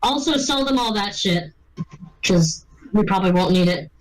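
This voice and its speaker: Woman, player, tabletop game, blunt, swearing, middle pitch. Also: expressive, moderate pace, distant mic, a little hiss or hum, low-quality recording. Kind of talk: casual game chat.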